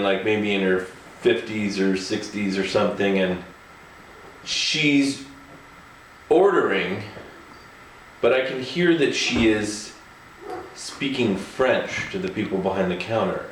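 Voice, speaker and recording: A man's voice: fairly low pitch, slow, pauses often, a little hiss or hum. A man telling a casual anecdote in a chatty way, often chuckling as he talks. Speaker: storyteller. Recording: echoey room, faint ambience.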